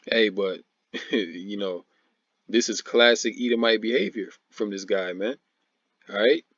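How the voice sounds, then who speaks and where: On a dry, lo-fi recording, a man with a lowish, slightly bright voice takes things slowly with long pauses. As a religious commentator, he reads and explains scripture informally, mocking and laughing often while repeating "man" and "all right."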